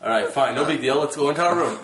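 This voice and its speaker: A man casually telling the story of his trip, animated and laughing, acting out his own exclamations. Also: mid-range voice, racing, reverberant, a little hiss or hum, low-quality recording. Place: rented room.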